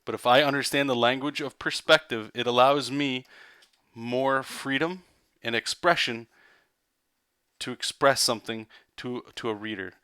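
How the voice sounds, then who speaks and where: Casting: male comic artist, bright, dry voice, excitable and loose, rambling casual drawing lesson. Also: medium pitch, normal speed, clear, resonant tone, no echo. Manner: loose, rambling, checks in with "right?" and "okay?".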